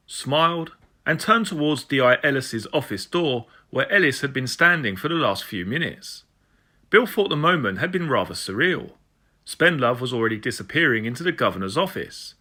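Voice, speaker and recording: Lively bright male audiobook narrator. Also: medium pitch.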